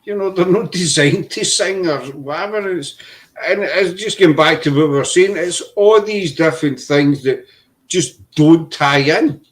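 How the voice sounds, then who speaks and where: A man's voice: fairly high pitch, measured pace. A man hosting a casual chat, talking in a rambling way and often repeating himself. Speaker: podcast host.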